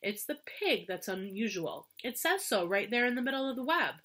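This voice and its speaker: A woman's voice: on the high side, sing-song, normal speed, fairly bright tone, pitched above the performer's own voice. A woman voicing a middle-aged farmer who is solemn, shaken and insistent in a read-aloud storybook.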